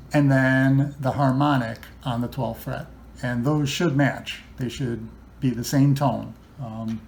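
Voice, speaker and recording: A man's voice: medium pitch, vocal fry, a little mellow. A man giving a casual, chatty how-to, explaining guitar setup with many ums and restarts. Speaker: guitar builder demonstrating setup. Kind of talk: casual instructional talk.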